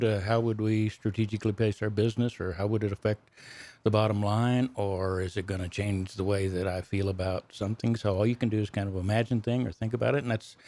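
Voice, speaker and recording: Older man, Texas accent, low voice, folksy, self-deprecating, interview guest. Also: darkish tone, no echo. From Texas Panhandle. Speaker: guest, economist and speaker. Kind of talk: casual interview answers.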